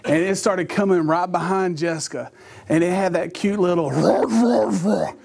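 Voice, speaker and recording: A man's voice: sits high, moderate pace, vocal fry, darkish tone. A man preaching a sermon, telling a funny personal story and laughing at his own jokes.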